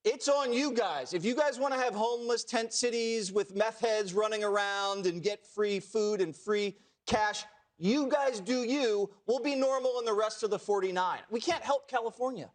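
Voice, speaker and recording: Blunt high-voiced male co-host. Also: moderate pace. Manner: blunt, dismissive, punchy delivery. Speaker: talk show co-host. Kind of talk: panel discussion.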